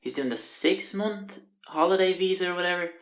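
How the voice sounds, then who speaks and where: A man's voice: sits high, normal speed, a bit bright. A young man in his twenties rambling through a sweary anecdote on his podcast, recorded in a small bathroom on a handheld music player. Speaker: podcast host. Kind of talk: casual anecdote.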